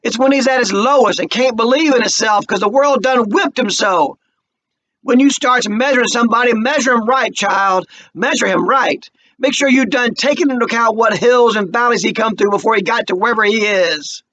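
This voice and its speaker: A man reading a play aloud, voicing a stern, loving older mother who speaks slowly and weightily. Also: very high voice, bright, forceful tone, pitched above the performer's own voice. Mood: scolding. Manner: slow, weighty, scolding. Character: stern loving old mother, grave and steady.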